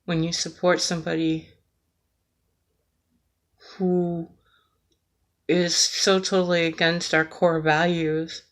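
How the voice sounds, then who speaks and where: A woman's voice: lowish voice, level tone, takes it slowly, pauses often. A woman from the United States delivering an earnest, emotional rant, with frequent hesitations and fillers as she talks. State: emotional, near tears. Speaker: vlogger.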